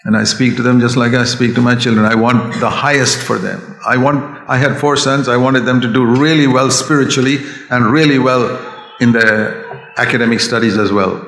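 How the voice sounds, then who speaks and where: A man's voice: medium pitch, steady tone, normal speed, fairly bright tone. Older man, preacher, earnest and emphatic, recorded with roomy hall echo. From India. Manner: earnest, rises to emphatic raised voice. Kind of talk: sermon. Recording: echoey hall sound.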